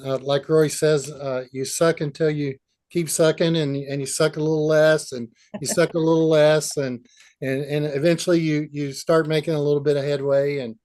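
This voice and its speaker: A middle-aged man, giving humble, halting thanks on a video call. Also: fairly high pitch, a little mellow. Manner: humble, halting with many fillers. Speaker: new team instructor. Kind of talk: casual acceptance remarks.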